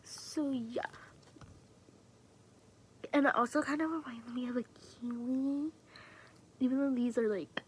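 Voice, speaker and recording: A woman with a high voice talks loosely to her camera while showing off her fidget toys. She rambles, swears freely and often sinks to a soft whisper mid-sentence. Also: breathy edge. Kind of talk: casual chat to camera.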